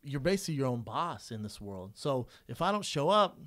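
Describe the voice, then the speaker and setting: A former fighter co-hosts a podcast, swapping stories in a casual chat with a brisk, medium-pitched voice. He acts out what people said and swears freely as he tells them.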